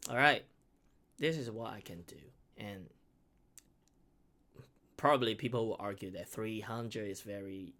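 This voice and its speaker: Halting, earnest man reacting on camera. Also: fairly low pitch, bright, forceful tone. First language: Mandarin Chinese. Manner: halting, many restarts and repeated words; earnest, heartfelt. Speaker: beatboxer reacting to videos. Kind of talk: casual reaction commentary.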